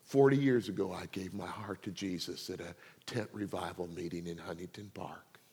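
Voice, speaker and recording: An older man preaching a sermon, telling a personal story and swinging between hushed asides and loud, laughing outbursts. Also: low-pitched, normal speed, husky. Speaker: pastor. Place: church sanctuary. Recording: long hall reverb.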